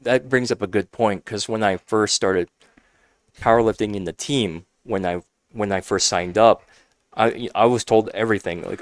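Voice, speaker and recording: A man in his twenties talking casually as a podcast guest, earnest and upbeat, jumping into high voices when he quotes people. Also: steady tone, normal speed, no room sound. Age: 20s. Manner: earnest, upbeat, acts out quotes with big pitch jumps. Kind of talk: casual chat.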